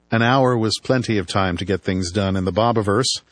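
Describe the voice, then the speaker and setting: A man's voice: lowish voice, brisk, few pauses. A man narrating a first-person audiobook with dry, wry storytelling.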